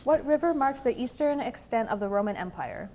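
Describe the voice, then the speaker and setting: A woman moderating a quiz competition, reading questions and rulings in a measured, formal way with an occasional "um". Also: on the high side, expressive, warm tone, a little hiss or hum.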